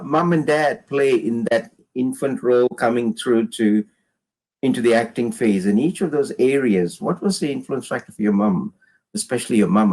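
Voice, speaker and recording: A male interview host with a husky, slightly breathy voice at an ordinary pitch. He mostly affirms with short replies and asks reflective, considered questions. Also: rough recording. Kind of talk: interview hosting.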